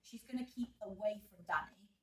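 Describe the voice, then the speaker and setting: A woman's voice: medium pitch, moderate pace, a bit bright. A woman, a drama teacher, talking through a revision lesson in a chatty way, thinking aloud and correcting herself as she goes. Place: room at school. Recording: roomy echo, mic at a distance.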